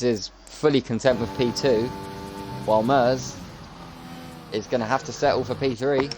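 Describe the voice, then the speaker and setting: A man's voice: mid-range voice, moderate pace, gravelly. A man commentating live on an online racing league, chatty and jokey as he calls the laps. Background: music.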